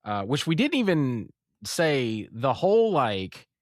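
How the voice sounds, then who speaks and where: On a clean studio recording with no room sound, a male podcast co-host with a mid-range voice speaks at a slow pace. He casually discusses a comic, retelling scenes with animation, acting out quotes, and laughing often.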